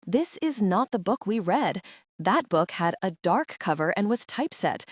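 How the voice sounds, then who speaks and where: A woman's voice: medium pitch, sing-song, normal speed, slightly rough, no echo, studio quality. A woman voicing an earnest, guarded young queen in an audiobook, speaking in a pressing way.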